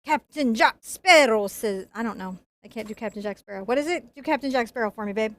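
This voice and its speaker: A painting instructor with a slightly high, quick voice chats playfully through her lesson. She jokes and laughs as she paints.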